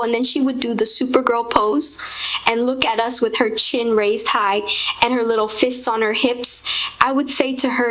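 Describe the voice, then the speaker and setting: A woman's voice: a little high, steady tone, moderate pace, fairly bright tone. A woman speaking as a grieving mother in a tender, heartfelt conversation. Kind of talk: intimate spoken conversation. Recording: dull lo-fi recording.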